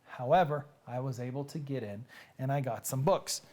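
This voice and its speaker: A man's voice: medium pitch, moderate pace, a little mellow, slight background noise. A man hosting a live-streamed reading show, chatting casually and joking straight to his viewers. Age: adult with nieces and nephews who have babies.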